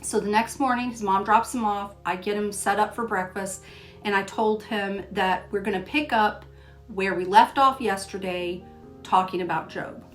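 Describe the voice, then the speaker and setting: An older woman speaks at an ordinary, mid-range pitch, recounting a family story in an easygoing, personal way. She moves between plain storytelling and reading scripture aloud in a devotional teaching style. Soft music plays faintly behind her voice. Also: moderate pace. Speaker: host of a Christian devotional show.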